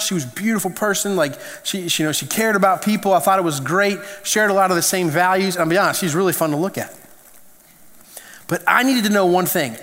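A man preaching a conversational sermon, telling stories with animated restarts and asides. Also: high voice. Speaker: pastor. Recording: echoey hall reverb.

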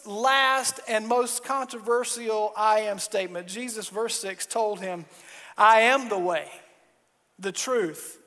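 A man preaching a sermon, animated, acting out mock dialogues and building to emphatic declarations. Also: high-pitched, long reverb tail. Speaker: pastor.

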